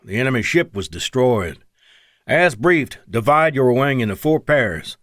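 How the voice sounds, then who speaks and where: A man voicing a gruff, vengeful male Air Force colonel with an East Texas drawl, speaking in urgent, clipped commands. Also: on the low side, very animated, a little fast, no echo, clean studio sound.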